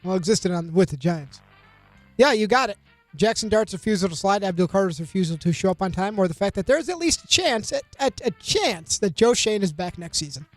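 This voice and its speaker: A man with a high-pitched voice producing a sports radio show, wry and upbeat as he sets up questions for the hosts. Faint music sits under a dry studio sound. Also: animated, brisk, no echo. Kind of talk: casual sports radio banter.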